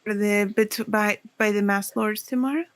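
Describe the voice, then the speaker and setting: A woman's voice: medium pitch, steady tone, normal speed, noisy background. A woman player speaking in character in a tabletop game, earnest and thinking aloud as she pleads her case. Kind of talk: in-character tabletop role-play.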